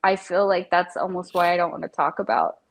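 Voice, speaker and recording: A woman's voice: lowish voice, a little fast. A woman guest in an interview, speaking in an empathetic, emotional way. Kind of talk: conversational interview.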